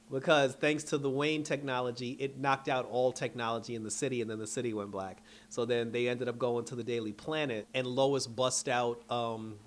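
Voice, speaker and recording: Guy excitedly retelling a show, does the characters' lines, medium pitch. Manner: animated storytelling, acts out characters' lines, laughs often. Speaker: show reviewer. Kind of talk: casual episode recap.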